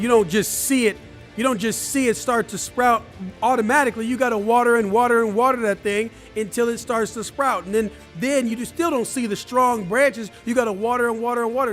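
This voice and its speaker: A man giving a live motivational talk, emphatic and repeating his key phrases as he speaks straight to viewers. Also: extremely high pitch. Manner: addresses viewers directly.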